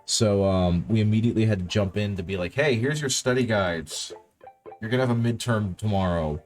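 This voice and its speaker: A man's voice: on the low side, brisk, faint music behind. A man chatting casually with stream viewers while painting, rambling and correcting himself, sounding tired. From countryside upbringing. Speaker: livestream host painting miniatures.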